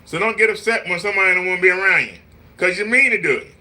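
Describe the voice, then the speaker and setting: A man speaks in a bright, high voice, lecturing his live-stream viewers. His talk is preachy and repetitive. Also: racing. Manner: mimics voices in quotes. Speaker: vlogger.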